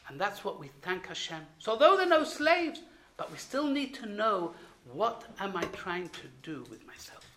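A woman giving an earnest Torah lesson. She grows loud and emphatic when she quotes the texts. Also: fairly low pitch, background noise. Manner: earnest, swells loudly when quoting the texts. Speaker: Torah teacher.

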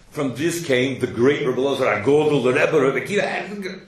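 A man giving a Torah lecture, telling stories in an animated way and prodding his listeners with "hello?". His voice sits at an ordinary middle pitch. The room rings back at him, and a faint hiss runs under the recording. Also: brisk, hardly any pauses. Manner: animated storyteller, asks "hello?" to prod listeners. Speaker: rabbi teaching a Torah class. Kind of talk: Torah lecture mixing English with Hebrew and Yiddish terms. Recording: echoey room with faint noise.

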